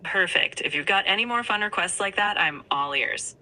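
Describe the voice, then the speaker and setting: A woman's voice: medium pitch, lively intonation, moderate pace, sharp tone, rough recording. A synthetic woman's voice of an AI assistant, answering in upbeat, polished phrases.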